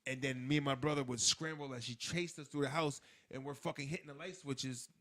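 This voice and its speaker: A man co-hosting a podcast in casual chat, telling animated stories with loud laughs and acted-out quotes. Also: medium pitch, a little fast. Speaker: podcast co-host.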